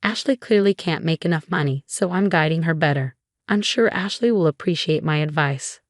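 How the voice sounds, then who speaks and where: A woman voicing a meddling, scornful older mother-in-law in a storybook reading, with an even, flat delivery. The voice is low-set and the sound is dry. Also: normal speed, no echo, natural voice.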